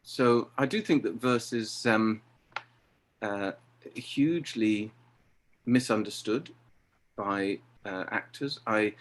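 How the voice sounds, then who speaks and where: A middle-aged man talking about directing, lively and acting out exchanges he quotes. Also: on the low side, takes it slowly, pauses often. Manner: animated, acts out quoted exchanges. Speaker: theatre director. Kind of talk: conversational interview.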